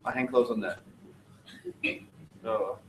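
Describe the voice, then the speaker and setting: A man's voice: on the low side, steady tone, slow pace, slight background noise. A male teacher reading student work aloud to his class and giving feedback, with joking, wry asides. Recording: echoey classroom, distant mic.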